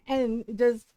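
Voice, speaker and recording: A woman's voice: on the high side, darkish tone, no room sound. A woman livestream host telling a story in casual chat, emphatic and full of profanity, laughing often.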